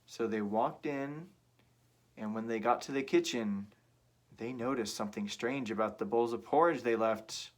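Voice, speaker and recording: A man reading a children's story aloud in a playful, drawn-out way, asking the listener questions. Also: medium pitch.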